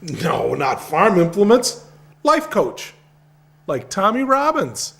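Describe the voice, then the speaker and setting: A man's voice: high-pitched, wildly swooping pitch, takes it slowly, creaky, a bit bright, heavily acted. An actor playing a scheming small-town man blackmailing his cousin in a comic radio soap, sly and drawling.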